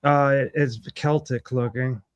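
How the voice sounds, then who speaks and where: Excitable guy on a call, keeps saying dude, mid pitch. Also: a little slow, clear, resonant tone, dry recording, muffled recording. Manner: excitable, says "dude" a lot. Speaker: panel guest. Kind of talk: casual group video chat. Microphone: video call.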